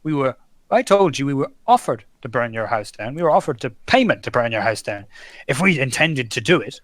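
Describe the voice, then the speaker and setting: A man's voice: mid-range voice, sing-song, fairly quick, fairly bright tone, no room sound. A man playing in a tabletop game, arguing his character's case in a pointed, argumentative way. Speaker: player. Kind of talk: in-character tabletop role-play.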